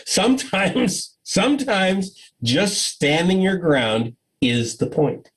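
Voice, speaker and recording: A man with a somewhat high, husky voice gives a conference talk over a video call. His pitch swings widely as he acts out dialogue and laughs through his stories. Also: slow pace, low-quality recording. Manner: animated storyteller, acts out dialogue, laughs often. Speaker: conference speaker.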